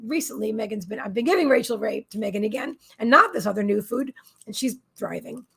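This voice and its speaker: A woman's voice: fairly high pitch, animated, a little fast, creaky, fairly bright tone, husky. A woman hosting a psychic live stream from her desk at home, chatting in a meandering way and often talking to her pets. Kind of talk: casual chat on a live stream.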